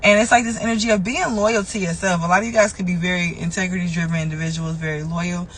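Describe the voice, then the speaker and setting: A woman's voice: on the low side, steady tone, fast talker, slight background noise, rough recording. A woman giving a loose, conversational tarot reading. She curses freely and repeats phrases for emphasis. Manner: loose and conversational, with frequent swearing. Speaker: tarot reader. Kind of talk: casual spiritual tarot reading.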